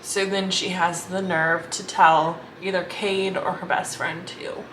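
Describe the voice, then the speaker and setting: A woman's voice: lowish voice, level tone, measured pace, fairly bright tone, slight background noise, low-quality recording. A young adult woman chatting casually in a reading vlog, gushing and rambling with lots of filler words. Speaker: book vlogger.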